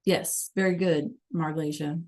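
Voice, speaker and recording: A woman's voice: deep voice, fairly even intonation, measured pace, dark tone. A woman teaching a live online Spanish class, patiently coaxing students and repeating verb endings.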